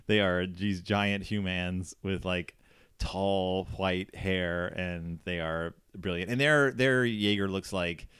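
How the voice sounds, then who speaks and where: A man's voice: sits low, fairly even intonation, takes it slowly, fairly bright tone, clear, resonant tone, dry recording, studio quality. A man hosting a casual film review chat in his living room, chatty and rambling, laughing often between points. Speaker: podcast host.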